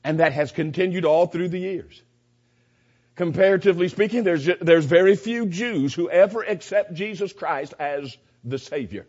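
A man's voice: high-pitched, normal speed, darkish tone. A man giving a verse-by-verse Bible teaching, emphatic and repeating his key points. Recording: dull lo-fi recording.

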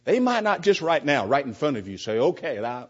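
A man's voice: fairly high pitch, huge pitch swings, brisk, breathy edge, highs cut off. A man teaching the Bible in a conversational sermon style, often repeating words and acting out both sides of an exchange. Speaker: preacher.

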